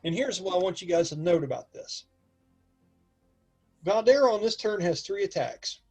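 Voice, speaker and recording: A man acting as game master, narrating a tabletop game with lively asides and counting out distances aloud to his players. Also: high-pitched, moderate pace, slightly rough, soft background music.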